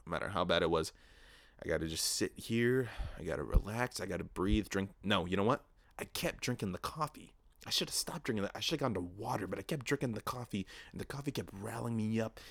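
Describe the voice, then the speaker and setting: A young man hosting his own podcast, telling a profane, animated story with mock-quoted asides. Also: lowish voice, no room sound. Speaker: podcast host. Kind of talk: casual solo podcast rant. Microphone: podcast microphone.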